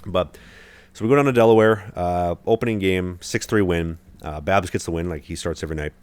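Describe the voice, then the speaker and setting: A man's voice: deep voice, fairly quick, clean tone. A young man hosting a podcast, telling a long story in casual chat with lots of fillers and restarts. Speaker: podcast host, hockey goalie.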